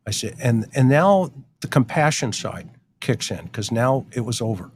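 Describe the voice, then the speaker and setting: A man's voice: mid-range voice, lively intonation, normal speed. Man, former detective, middle-aged, blunt, wry, storytelling, faint hiss behind. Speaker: retired detective guest. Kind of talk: storytelling in casual chat.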